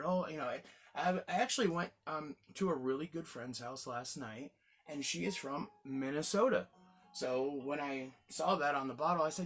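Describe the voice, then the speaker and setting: A man's voice: on the high side, normal speed, a bit bright, breathy edge, soft background music. A man hosting a casual gin tasting review, chatty and rambling, exclaiming as he tastes.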